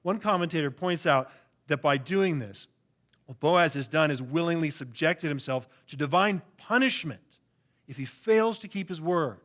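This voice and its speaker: A man's voice: fairly high pitch, animated, moderate pace, fairly bright tone. A pastor preaching a sermon in an earnest, emphatic way, often repeating words as he goes. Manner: earnest, emphatic preaching with frequent word repetitions.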